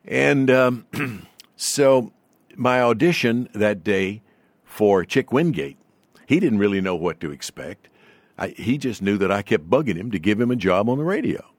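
An older man with a low, smooth broadcaster's voice and a trace of a Southern accent. He tells long anecdotes at an unhurried pace, with a seasoned announcer's polish. The sound is dry and close to the mic. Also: lively intonation, dry recording. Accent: faint Southern US. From Southern United States. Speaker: guest, veteran broadcaster. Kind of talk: storytelling in an interview.

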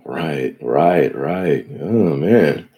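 A man's voice: rumbling low, animated, extremely slow, dark tone, husky. A man hosting an interview podcast, asking open questions and giving short affirmations. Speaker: podcast host.

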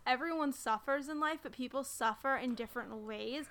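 High-voiced woman, earnest and supportive. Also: fairly quick, a bit bright. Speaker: podcast co-host. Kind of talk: casual chat.

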